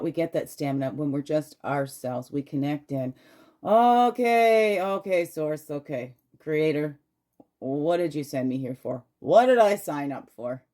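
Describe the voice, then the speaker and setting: A woman's voice: sits low, mellow. A woman hosting a casual inspirational talk as a spiritual card reader, affirming and affectionate, often adding "right?". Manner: affirming, tags phrases with "right?"; gushing, affectionate to viewers.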